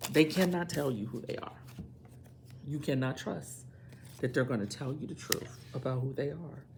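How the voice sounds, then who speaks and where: A woman's voice: a bass voice, moderate pace, gravelly, noisy background. A woman doing a tarot reading, speaking emphatically and repeating phrases to drive her points home. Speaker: tarot reader.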